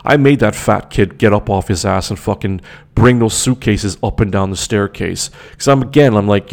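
A man's voice: on the low side, normal speed, gravelly. A young man telling a story in a casual, indignant rant, swearing often and repeating himself.

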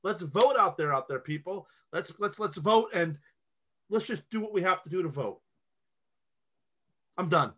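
A man's voice: high voice, expressive, measured pace, long pauses, bright, forceful tone, a little hiss or hum, heavily acted. A man playing a brash male president who constantly interrupts and mocks his rival in an improvised comedy skit. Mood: pushy. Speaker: podcast co-host.

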